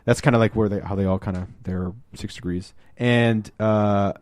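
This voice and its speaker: A man hosting a podcast in casual chat, rambling through a film plot and acting out the lines in quick put-on voices. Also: on the low side, steady tone, darkish tone, no room sound. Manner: rambling retelling, acts out quotes in shifting voices. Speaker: podcast host.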